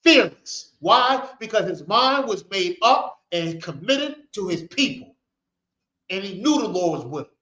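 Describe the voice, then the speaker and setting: A man's voice: high voice, big pitch swings, unhurried, bright, forceful tone. A man teaching scripture, preaching with fiery, repetitive rhetorical questions, outdoors on a street corner. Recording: echoey, dull sound.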